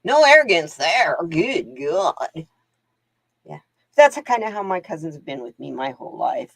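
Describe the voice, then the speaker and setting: A woman's voice: sits low, sing-song, measured pace, creaky, fairly bright tone, no room sound. A woman hosting live card readings, chatting casually to viewers and laughing often as she wanders off into stories. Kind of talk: casual livestream chat.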